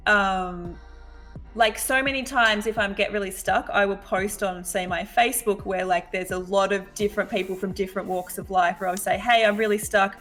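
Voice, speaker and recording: Australian woman, interview guest, relaxed and quick-talking, middle pitch, light music bed. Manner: quick and easygoing, many filler words. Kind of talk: casual interview chat.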